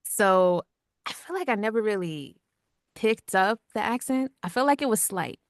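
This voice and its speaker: A woman working as a radio producer and voice actor, speaking in a calm, natural voice and chatting casually with plenty of "like" and "you know.". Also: medium pitch, normal speed, no room sound, clean studio sound. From Long Island and Georgia. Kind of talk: casual interview answers.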